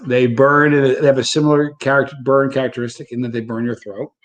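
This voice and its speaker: A man speaking as a guest in a casual interview, relaxed and conversational, often restarting sentences. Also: medium pitch, quick pace. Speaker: interview guest, hot-sauce eater.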